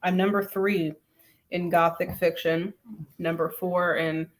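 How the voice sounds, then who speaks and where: A woman co-hosting a casual podcast chat, relaxed and quick to laugh. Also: on the low side. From Louisiana. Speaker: co-host, author.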